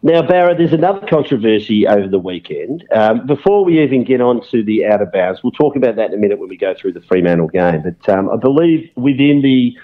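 An Australian man co-hosts a sports podcast in a calm, measured way, moving the conversation from one topic to the next. His pitch sits in the middle range. The recording is a little dull and lo-fi. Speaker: co-host of a football podcast. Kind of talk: casual sports chat. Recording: slightly dull lo-fi audio.

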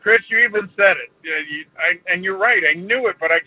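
A man's voice: high voice, brisk, no echo, narrow, tinny audio. A man calling into a radio quiz, stammering sheepishly. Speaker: caller.

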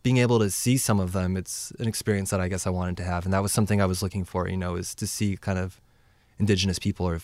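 A man's voice: low-pitched, fairly even intonation, fast, darkish tone, no echo. A man from the United States casually recounting his travels, rambling with many fillers and acting out dialogue. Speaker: traveler sharing stories. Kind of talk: casual chat.

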